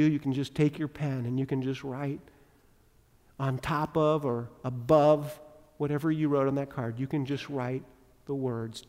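Pastor preaching in a reverberant hall. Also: male voice, medium pitch. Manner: swings from loud emphatic preaching to quiet intimate prayer. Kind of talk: sermon. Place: church sanctuary. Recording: long reverb of a large hall.

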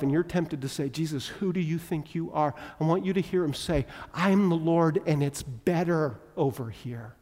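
A man preaching a sermon as a pastor, moving from loud emphatic passages to quiet, intimate appeals and prayer. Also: fairly high pitch. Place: church sanctuary. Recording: long reverb of a large hall.

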